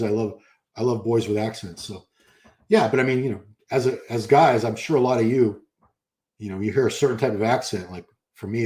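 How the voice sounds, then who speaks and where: A man's voice: lowish voice, darkish tone. Rambling older man. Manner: rambling, self-correcting, chatty. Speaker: live stream host. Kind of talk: casual live-stream chat reading comments.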